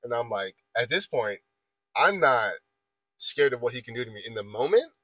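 A man's voice: medium pitch, sing-song, moderate pace, sharp tone, breathy edge, no echo, poor audio. A man in his twenties casually telling a long story on a podcast, rambling and restarting his sentences as he retells an argument. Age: 20s. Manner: rambling, repeats filler phrases and restarts while retelling an argument.

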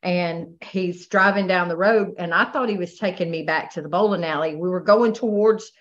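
Woman guest, lower voice, halting and hesitant delivery, dull lo-fi recording. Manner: halting, many restarts and "you know". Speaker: guest sharing her testimony. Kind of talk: emotional personal testimony.

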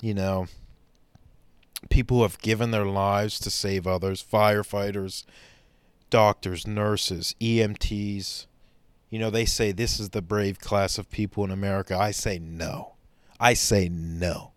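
A man's voice: lowish voice, level tone, measured pace, smooth, no room sound. A man doing a stand-up comedy monologue in a sarcastic, mock-serious way.

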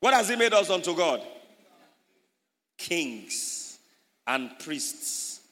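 A Nigerian-accented man preaching with emphatic, teacherly delivery, his voice sitting a touch high for a man. The sound rolls with a long hall reverb, as in a church. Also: big pitch swings, drawn-out words, sharp tone. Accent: Nigerian English. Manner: emphatic, teaching, acts out scenes. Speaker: pastor. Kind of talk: sermon. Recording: echoey hall.

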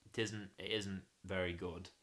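A young man chatting casually on a podcast, laughing often and getting loud and animated when telling a story. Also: low-pitched, normal speed. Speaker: podcast co-host. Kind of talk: casual chat.

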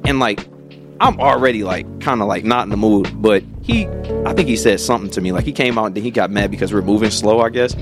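Animated young man telling a story. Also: on the low side, quick pace, over music. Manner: animated storytelling, swears freely, laughs often. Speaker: podcast co-host. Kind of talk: casual chat.

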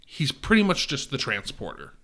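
Bright-voiced animated man reviewing movies. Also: medium pitch, moderate pace. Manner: animated, swearing, acts out quotes. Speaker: podcast co-host. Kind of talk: casual movie review chat.

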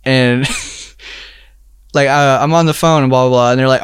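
A young man in a casual chat, telling a story in a rambling way, full of filler words and quick laughs. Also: mid-range voice, fairly even intonation, clear, resonant tone, no room sound, studio quality.

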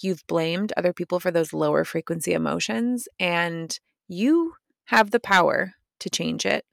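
Gravelly-voiced woman hosting a self-help podcast. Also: medium pitch, fairly bright tone, dry recording, studio quality. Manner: blunt, swears casually; motivational, direct address to listeners. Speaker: podcast host. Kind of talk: casual self-help monologue.

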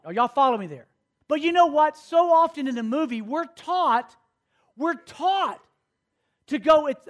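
High-voiced preacher telling stories. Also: male voice, lively intonation, normal speed. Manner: storytelling, acts out characters, calls for responses. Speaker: youth pastor. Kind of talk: sermon.

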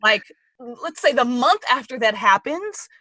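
Woman, host, casual questions, slightly high, bright tone, dry close sound. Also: animated, measured pace, no room sound. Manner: casual, laughing, swears freely. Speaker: podcast host interviewer.

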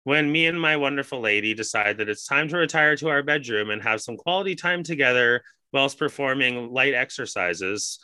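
A man's voice: medium pitch, moderate pace, hardly any pauses, pushed and bright, clean tone, no room sound. A man hosting a podcast in casual chat, telling rambling stories with a lot of swearing. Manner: swears often, ranting storyteller. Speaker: podcast host.

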